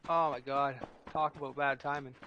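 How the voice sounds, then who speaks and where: A man streaming a shooter game with friends, excitable and quick to swear as he calls out plans. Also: medium pitch, highs cut off, a little hiss or hum. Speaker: streamer playing a battle royale game with friends. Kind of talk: casual gaming chat.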